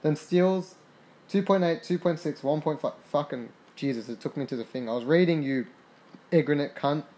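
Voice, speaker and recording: A young man talks through a basketball simulation, reading stats and cursing freely as his excitement rises and falls. His voice sits a little high for a man. The delivery is casual and unscripted, the tone of a gaming podcaster. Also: normal speed. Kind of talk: casual game commentary.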